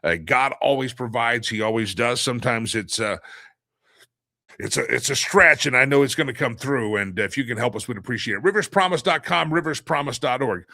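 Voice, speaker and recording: A man's voice: medium pitch, brisk, creaky, sharp tone, no echo. Man, middle-aged, show host, casual rambling monologue, repeats and restarts, dry close sound. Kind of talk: casual daily live-stream monologue.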